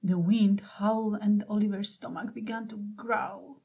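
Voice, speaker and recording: Slow, husky woman reading a picture book. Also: mid-range voice. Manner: gentle, expressive. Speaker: storybook reader.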